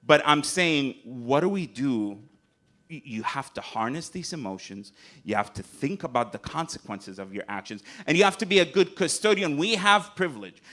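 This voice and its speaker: A man's voice: mid-range voice, sing-song, moderate pace, a bit bright. A man from Gaza speaking as a conference panelist, emphatic and urgent, repeating phrases to drive his points home. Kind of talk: impassioned panel remarks. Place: conference hall.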